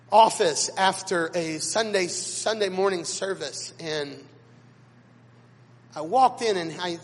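Man, pastor, sermon, dramatic storytelling, high voice, long hall reverb. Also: a little hiss or hum. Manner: dramatic storytelling with big swings in loudness. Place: church sanctuary.

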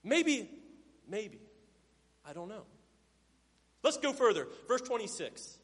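High-voiced male preacher in a reverberant hall. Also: sing-song, takes it slowly, husky. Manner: preaching, swinging from loud emphasis to hushed low tones; acts out Bible characters' lines in playful voices. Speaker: pastor. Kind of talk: sermon.

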